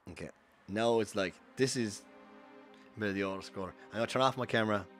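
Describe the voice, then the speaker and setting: A man's voice: fairly low pitch, fast talker, faint music behind. An Irish man giving casual, rambling speedrun commentary over gameplay, full of fillers and self-corrections. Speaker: streamer.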